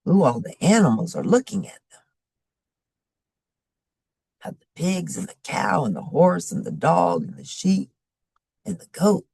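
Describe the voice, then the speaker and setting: A woman's voice: fairly low pitch, very animated, measured pace, gravelly, long pauses, breathy edge, no echo, clean studio sound. A middle-aged woman reading a picture book aloud to children, adding friendly asides about the pictures. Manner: warm asides to young listeners. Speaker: storybook reader.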